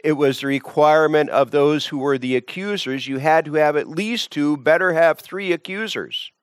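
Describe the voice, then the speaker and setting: A man's voice: on the high side, normal speed, smooth, dry recording. A man teaching from the Bible, emphatic, often repeating words and restarting phrases.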